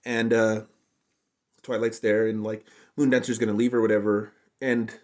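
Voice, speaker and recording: A man's voice: lowish voice, level tone, normal speed, darkish tone. A man giving an unscripted, casual review, rambling along and saying "like" constantly. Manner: rambling, heavy use of "like" fillers. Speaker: show reviewer.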